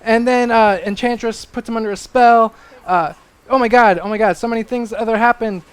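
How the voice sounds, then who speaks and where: A young adult man recapping a comic issue on a panel, excitable and rambling, full of fillers. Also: extremely high pitch, brisk, clear, resonant tone.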